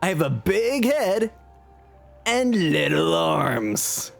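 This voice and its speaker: Slow, lively self-mocking male streamer. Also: fairly high pitch, vocal fry, soft background music. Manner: self-mocking, chuckles as he talks. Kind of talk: casual storytelling on stream.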